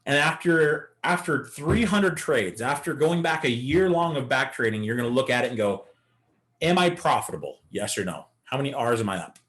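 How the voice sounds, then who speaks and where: A man's voice: mid-range voice, lively intonation, normal speed, a bit bright. A man teaching a live beginner day-trading lesson, coaching and talking through chart examples. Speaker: trading instructor.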